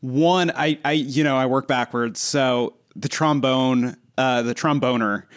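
A man co-hosting a comedy podcast, chatting casually and reacting with quick laughs. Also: medium pitch, smooth. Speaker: comedian and co-host.

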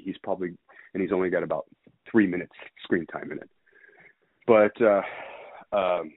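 A man's voice: low voice, slightly rough, no room sound. A man casually telling a rambling story, swearing freely and stumbling over details. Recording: dry phone-like sound.

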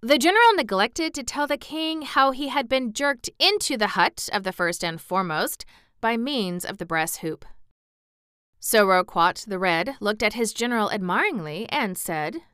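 A woman reading a children's novel aloud with lively, expressive narration. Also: a little high, moderate pace, clear, resonant tone, no echo, studio quality.

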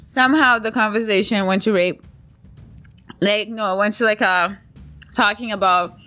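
A woman's voice: mid-range voice, sharp tone, no room sound. A woman hosting a casual solo podcast, talking bluntly and with outrage, often breaking into laughter. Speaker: podcast host.

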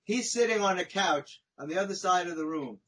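A man, a podcast guest, telling a long personal story in a chatty, animated way, often tagging his sentences with "right?" and "you know?". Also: high-pitched, fairly quick, slightly rough, poor audio. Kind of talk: conversational storytelling.

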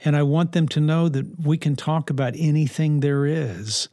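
A man giving parenting advice in a reflective, earnest talk, unhurried and touched with dry humor. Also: fairly high pitch, steady tone, mellow, no room sound. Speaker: parenting speaker.

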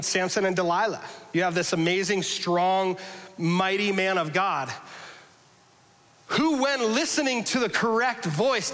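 A man preaching a conversational sermon to a congregation, joking casually and swinging between loud emphasis and hushed passages. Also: sits high, in a large hall, low-quality recording. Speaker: pastor. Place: church hall with a congregation.

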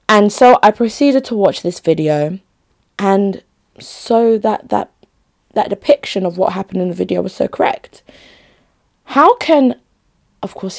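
A woman's voice: fairly low pitch, creaky, a little mellow. A young adult woman chatting casually to her viewers, emphatic and often restarting her phrases. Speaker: vlogger. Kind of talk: casual talk to camera.

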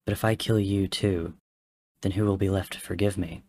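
A man's voice: deep voice, steady tone, normal speed, warm tone. A man voicing a grief-stricken young male king who speaks in a pleading, broken way. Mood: grieving.

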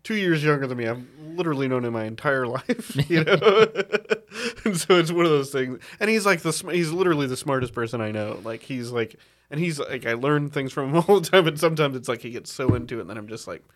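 A man's voice: medium pitch, fast. A man co-hosting a comedy podcast in casual chat, upbeat and laughing often between his words. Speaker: podcast co-host.

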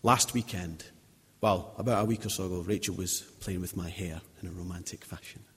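A man's voice: deep voice, brisk, husky. Chatty man preaching in a reverberant church. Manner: chatty, anecdotal, many restarts. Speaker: lay preacher. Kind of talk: informal sermon. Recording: long reverb of a church hall.

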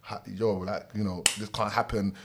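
A man's voice: on the low side, level tone, moderate pace, heavy background noise. A man, a podcast co-host telling stories in slang-heavy casual chat. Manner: laid-back storytelling, slang-heavy.

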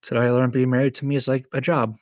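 A man's voice: mid-range voice, level tone, rapid-fire, darkish tone, no echo, studio quality. A man hosting a podcast in casual chat, reading out notes, joking, laughing often and swearing. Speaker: podcast host.

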